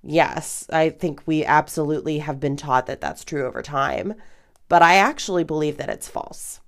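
A woman's voice: sits low, moderate pace, creaky. A woman in her thirties hosting an advice podcast, talking candidly and casually with lots of fillers and some swearing. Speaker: podcast host.

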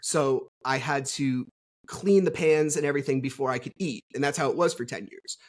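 Husky man from new jersey, middle-aged podcast guest, rambling candid storytelling, swears freely. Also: medium pitch, a little fast. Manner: rambling, frank, swears freely, many fillers. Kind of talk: casual storytelling interview.

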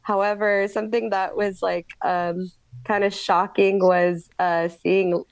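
Woman cohost rambling about movies, close dry mic, middle pitch. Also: flat delivery, unhurried, clear, resonant tone, no echo. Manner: chatty, rambling with restarts. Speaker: podcast co-host. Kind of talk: casual chat.

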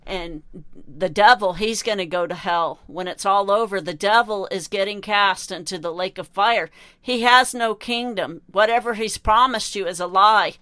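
A woman's voice: medium pitch, normal speed, bright, forceful tone, clear, resonant tone, no echo. A woman delivering an impassioned monologue in a preachy, condemning, repetitive way.

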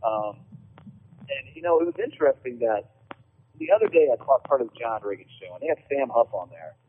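A man's voice: mid-range voice, animated, a little fast, a little hiss or hum. A man hosting a casual sports talk show, rambling with hesitant ums. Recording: phone-like line.

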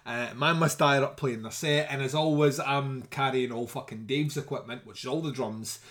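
A man's voice: mid-range voice, fairly even intonation, normal speed, fairly bright tone. A middle-aged man, telling a story in casual podcast talk, swearing often and laughing as he goes. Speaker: podcast host.

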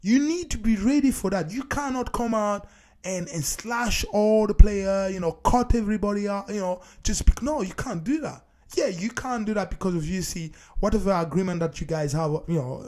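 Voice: medium pitch, normal speed, dark tone. A talk show host giving a solo opinion monologue and talking emphatically, hammering points home by repeating key phrases. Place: based in Scotland.

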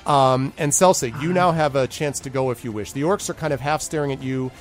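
A man's voice: medium pitch, brisk. A man narrating a tabletop game as game master, rambling with many fillers as he describes the action.

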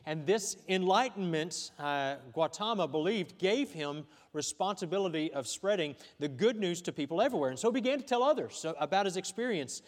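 A man's voice: on the high side, in a large hall. A man with a Texan accent preaching a sermon as pastor, talking conversationally with frequent fillers and restarts.

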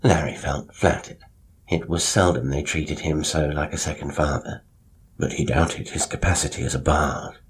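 Very deep-voiced male story narrator. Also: fairly even intonation, moderate pace, a little hiss or hum.

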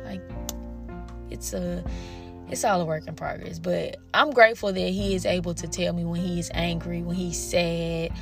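A young mother with a gravelly, fairly low voice shares frank, profane personal stories with viewers over background music. Her intonation stays fairly even at a moderate pace, and she acts out the words of family members she quotes.

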